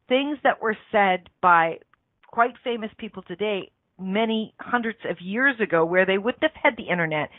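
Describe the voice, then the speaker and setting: A woman's voice: medium pitch, dry recording. A woman hosting a motivational radio show, talking earnestly in a coaching manner and repeating phrases for emphasis. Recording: dry, tinny phone-line sound.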